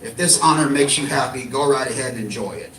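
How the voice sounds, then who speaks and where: A man's voice: mid-range voice, fast, crowd noise. An Australian man giving a wry, dry-humored acceptance speech as a horror host. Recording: echoey room, distant mic, faint noise.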